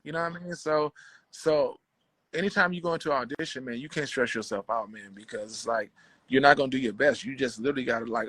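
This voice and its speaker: A man guest on a conversation show, telling a story in relaxed slang and acting out what others said. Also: medium pitch, fast talker, slightly rough, no echo, poor audio. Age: adult with children. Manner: slangy, relaxed street talk; acts out quoted dialogue. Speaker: podcast guest, bassist.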